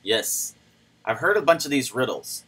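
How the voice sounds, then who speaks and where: Man, livestream host, casual rambling chat, bright forward tone, mid pitch. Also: sing-song, moderate pace, slightly rough, poor audio. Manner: chatty, rambling, greets viewers by name. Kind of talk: casual livestream chat reading viewer comments.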